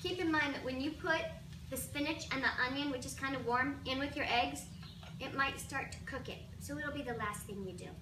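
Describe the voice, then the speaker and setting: A woman's voice: high voice, a little fast. A woman hosting a casual home cooking demo, chatty, playful and self-deprecating. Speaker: cooking show host. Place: home kitchen. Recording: roomy, distant, noisy kitchen recording.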